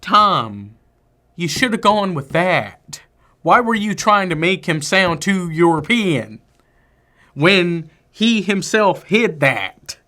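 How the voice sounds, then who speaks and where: A man co-hosting a film review podcast, chatting casually and giving opinionated, emphatic takes. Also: high-pitched. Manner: animated, opinionated, drawn-out emphasis. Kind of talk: casual movie review chat.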